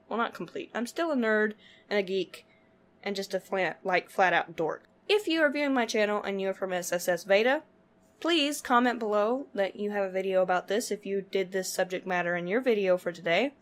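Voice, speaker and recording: A woman's voice: mid-range voice, expressive, fairly quick. A woman vlogging to her viewers, telling a story casually with lots of filler words and frequent laughter. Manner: chatty, laughs often, full of "like" fillers.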